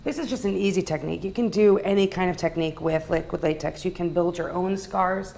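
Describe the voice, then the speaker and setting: A woman's voice: on the low side, brisk, creaky, a little mellow. A woman teaching artist who explains a technique patiently, one step at a time. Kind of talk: instructional explaining.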